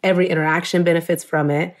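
A woman's voice: lowish voice, level tone, very fast. A woman telling an emotional personal story in an earnest, conversational way, full of "like" and quoting her own thoughts. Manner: earnest, emotional, fillers of "like", quotes herself.

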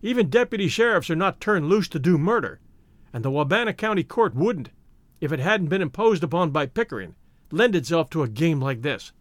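A man voicing a calm, earnest companion who urges restraint, read aloud as part of a story. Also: fairly high pitch, a little fast, no room sound, close to an everyday voice.

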